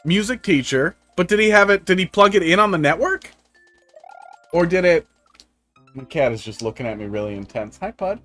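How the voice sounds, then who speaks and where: Male game streamer, slightly high voice, wry rambling storyteller, light background music. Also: expressive, moderate pace, a bit bright. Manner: rambling, profane, wry tech anecdotes. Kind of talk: casual live-stream chat. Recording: faint music underneath.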